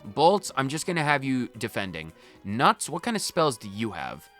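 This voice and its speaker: A man's voice: medium pitch, sing-song, moderate pace, a bit bright, faint music behind. A man hosting a video game playthrough, joking around and chatting goofily with the game's characters. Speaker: let's play host.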